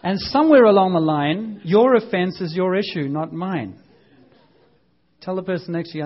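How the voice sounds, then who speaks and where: A man preaching a lively, conversational sermon, acting out voices and now and then shouting. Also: high-pitched, normal speed, muffled recording.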